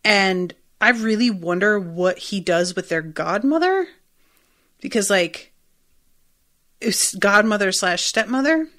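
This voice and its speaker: A woman's voice: medium pitch, expressive, takes it slowly, a bit bright. A woman hosting a podcast, recapping a TV episode in a rambling, chatty way and swearing freely. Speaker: podcast host.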